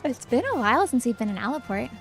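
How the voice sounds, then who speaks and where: A woman's voice: on the high side, sing-song, fast talker, soft background music. A young woman streamer giving casual, chatty commentary while playing a game, with giggly asides.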